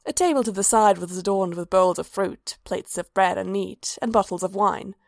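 A woman narrating a fan fiction story aloud in an even, measured way. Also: mid-range voice, gravelly, dry recording, clean studio sound.

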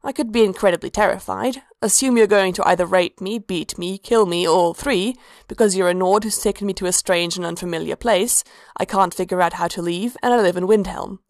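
A woman voicing a wry, sharp-tongued dark elf woman in a dry, knowing tone, a little above her narrating voice, in a storybook reading. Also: lowish voice, brisk, hardly any pauses, no room sound, natural voice.

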